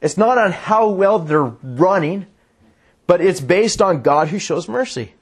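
A man preaching a sermon, reading scripture in a slower, lower voice and explaining it earnestly. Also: animated, slightly rough. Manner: reads scripture in a lower, slower voice, then speeds up; earnest, restarts sentences. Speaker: pastor.

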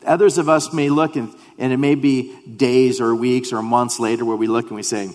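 An earnest male preacher delivering a sermon in a mid-range voice. He repeats phrases as he builds, then drops to a near hush when voicing quoted prayers. His voice rings out with a long reverb, as in a large church hall. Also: medium pitch, steady tone, normal speed, hardly any pauses. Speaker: pastor.

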